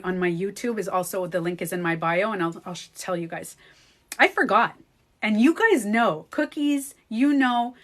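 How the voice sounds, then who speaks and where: A woman chatting casually on a livestream, animated and laughing often, acting out her own thoughts. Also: medium pitch. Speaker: beauty coach and vlogger.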